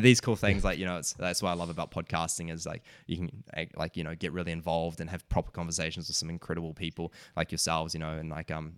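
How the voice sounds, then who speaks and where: Brief: New Zealand man, low smooth voice, dry close sound, chatty podcast guest. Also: dry recording. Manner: rambling, earnest, lots of filler words. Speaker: podcast guest, wellness coach. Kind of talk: casual podcast conversation.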